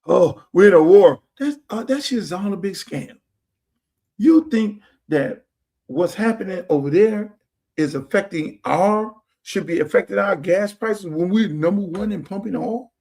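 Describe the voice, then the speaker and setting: High-voiced man ranting on his stream. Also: unhurried. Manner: animated, blunt and profane, with street slang. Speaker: show host. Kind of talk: casual livestream rant to viewers. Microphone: streaming setup mic.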